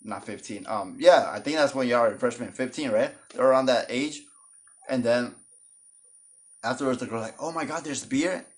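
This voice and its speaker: At a moderate pace and medium pitch, this male storytime vlogger shares something that happened to him. His telling is animated and full of jokes, and he performs the other characters' voices himself.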